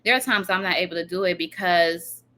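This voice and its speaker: A woman with a bright, crisp voice talking as a guest on a casual podcast. She gives earnest, emphatic advice and agrees warmly and eagerly with her host. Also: on the low side, a little fast, slight background noise.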